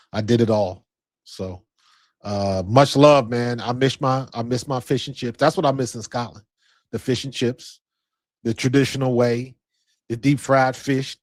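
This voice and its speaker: Male podcast host, relaxed rambling storyteller, mid pitch, dry close sound. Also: dry recording. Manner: laid-back, rambling storytelling. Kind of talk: casual chat.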